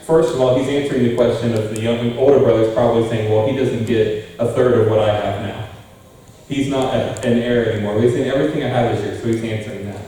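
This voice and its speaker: A man's voice: medium pitch, fairly even intonation, fast, dark tone. Young man preaching in an echoey church. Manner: conversational, asks the congregation questions. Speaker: pastor. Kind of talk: sermon. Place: church sanctuary. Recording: very echoey room, far from mic.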